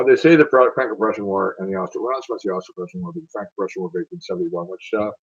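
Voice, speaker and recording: A man's voice: on the low side, breathy edge, highs cut off. A man reading poetry aloud and breaking off into rambling, digressive asides. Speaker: poetry reader.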